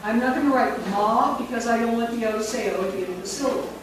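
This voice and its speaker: A woman leading a phonics workshop for teachers, slowly dictating words and sounding each one out. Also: on the high side. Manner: slow, deliberate, sounds words out. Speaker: teacher trainer. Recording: echoey, distant, noisy room recording.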